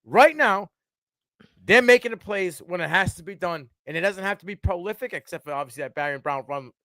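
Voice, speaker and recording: Lively high-voiced man in sports chat. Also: fairly quick, no echo. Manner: animated, trails off and restarts. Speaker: podcast co-host.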